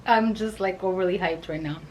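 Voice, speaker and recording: A woman reviewing perfume in a vlog, gushing and excitable, with soft whispered asides. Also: lowish voice, a little fast, slight background noise, low-quality recording. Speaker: fragrance reviewer.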